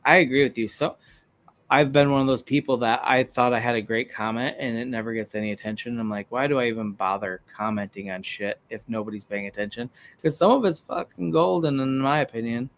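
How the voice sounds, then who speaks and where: A man with an ordinary mid-range voice hosts a loose conversation. He agrees easily and swears now and then in a relaxed tone. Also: medium pitch, a little fast, no room sound. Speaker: host. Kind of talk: casual chat.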